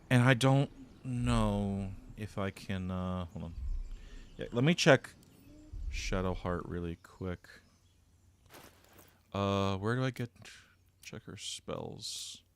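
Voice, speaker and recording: A young male streamer with a lowish voice that swings all over the place as he jokes and plays to his chat. He talks casually and theatrically, putting on grand speeches between moves in the game. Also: animated, slow, pauses often, smooth. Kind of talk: casual gameplay commentary.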